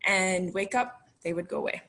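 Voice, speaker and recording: A woman in her thirties with a slightly breathy, husky voice. She tells a personal birth story the way you would to a friend, in a chatty, animated way. She laughs as she goes and acts out the people she quotes. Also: mid-range voice, normal speed. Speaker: mother telling a birth story. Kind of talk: casual storytelling.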